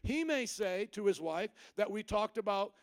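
High-voiced man preaching to a congregation. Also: animated, moderate pace, clean tone, dry recording. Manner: engaging, quizzes the congregation with call-and-response questions; explanatory, uses everyday examples. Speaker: pastor. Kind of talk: sermon.

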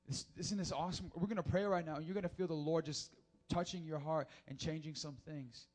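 A man's voice: a little high, fairly even intonation, fairly quick, darkish tone. A man preaching a sermon as a youth pastor, casual and slangy, moving into prayer in a church sanctuary. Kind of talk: sermon and altar-call prayer.

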